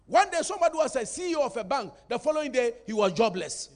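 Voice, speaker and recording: Very high-pitched man, lively preacher, teasing and rousing his congregation. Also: fast talker. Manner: animated, playful, calls for congregation response. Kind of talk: sermon.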